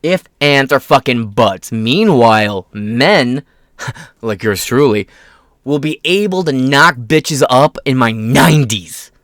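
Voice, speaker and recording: A political commentary host delivers a profane, mocking rant, swearing constantly and sneering at his opponents, reading quotes aloud and mocking them in put-on voices. His medium-pitched, slightly bright voice has lively intonation and a slow pace, recorded at studio quality with no room sound.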